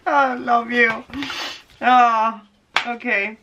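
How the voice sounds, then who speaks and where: Giggly bright-voiced woman unboxing gifts. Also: a little high, extremely slow, pauses often, muffled recording. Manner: giggly, gushing, laughs often. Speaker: tarot vlogger. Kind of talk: casual unboxing vlog.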